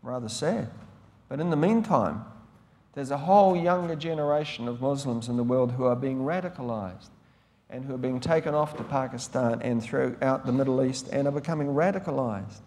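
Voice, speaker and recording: A man's voice: medium pitch, normal speed, darkish tone. A man preaching a sermon as a pastor, in a conversational, rambling way with frequent restarts. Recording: long hall reverb.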